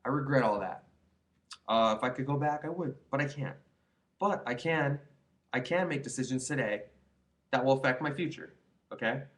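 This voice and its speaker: A man's voice: medium pitch, moderate pace, pauses often. A young man in his twenties giving rambling, earnest advice to his viewers in a casual vlog, full of restarts and "you know"s. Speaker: vlogger. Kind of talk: casual advice monologue to camera.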